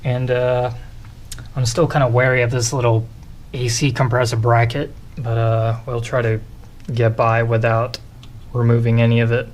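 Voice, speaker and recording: A man's voice: medium pitch, level tone, normal speed, rough recording. A man with a congested, nasal voice, narrating in a hesitant, rambling way with many fillers. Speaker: car hobby vlogger. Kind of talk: casual narration over work footage.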